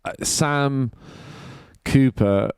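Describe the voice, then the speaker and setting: A man's voice: mid-range voice, drawn-out words, darkish tone, clear, resonant tone, dry recording, clean studio sound. A man, a podcast guest talking casually in a rambling, hesitant way with many fillers. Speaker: podcast guest, golf club director. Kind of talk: casual chat.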